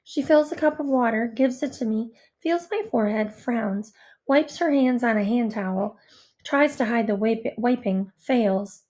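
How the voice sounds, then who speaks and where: A woman's voice: on the high side, unhurried, darkish tone. A woman reading a first-person novel aloud with an earnest, introspective, anxious delivery. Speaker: audiobook narrator. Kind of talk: first-person audiobook narration.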